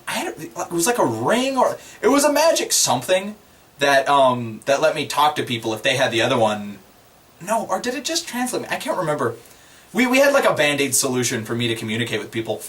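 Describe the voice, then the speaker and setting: A man's voice: a little high, fairly quick. A man casually recounting a tabletop game session, rambling and chuckling as he tells it. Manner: rambling, chuckling, animated retelling. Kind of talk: casual storytelling.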